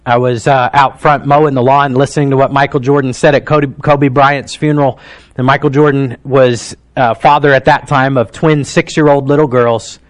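Preaching at a moderate pace, this pastor in his thirties has a medium pitch and a flat delivery. His sermon unfolds as emotional, heartfelt storytelling that goes quiet and then swells into emphasis.

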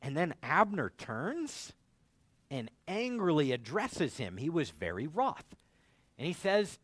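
A man preaching a sermon in an animated way, acting out the dialogue of biblical figures in different voices. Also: fairly high pitch, slow pace, no room sound. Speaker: pastor.

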